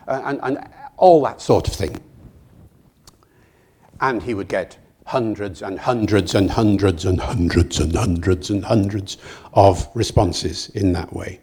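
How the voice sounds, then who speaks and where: An older British man giving a public lecture, telling stories in a lively, digressive way with acted quotes. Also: low-pitched, a little slow, husky. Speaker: guest lecturer. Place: lecture hall.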